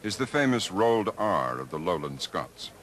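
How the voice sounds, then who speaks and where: A man giving scripted narration for a documentary in a measured, expressive way. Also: sits low, rough recording. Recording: archival 1980s documentary with noise.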